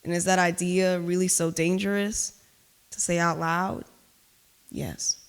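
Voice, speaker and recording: Intense woman poet, smooth clear voice. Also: fairly low pitch, little pitch movement, moderate pace. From Cuba. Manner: loud, emphatic, intense delivery. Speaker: spoken word poet. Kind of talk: spoken word poetry performance with chatty asides. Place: live reading at an art gallery.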